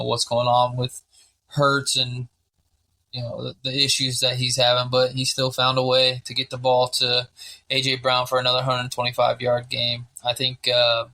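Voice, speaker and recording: Bright, profane rambling podcast guy. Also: mid-range voice. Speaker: podcast co-host. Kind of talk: casual sports podcast chat.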